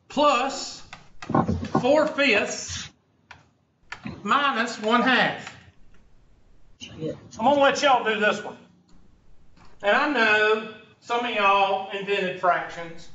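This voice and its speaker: A man's voice: very high-pitched, sharp tone. A man from upstate South Carolina with a Southern accent, teaching fractions in a folksy, teasing way and tossing joking asides at his audience. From Upstate South Carolina, USA. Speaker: math teacher. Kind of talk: informal math lesson with banter. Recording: echoey room, from a distance, dull lo-fi, faint noise.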